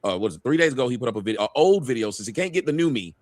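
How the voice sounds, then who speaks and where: A man talking fast on a casual panel show, arguing his side with a lot of swearing. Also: mid-range voice, animated, darkish tone, no echo.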